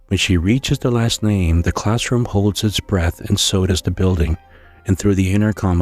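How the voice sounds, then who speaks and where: A man narrating a scary story in a slow, hushed storytelling manner, with occasional stumbles. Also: low-pitched.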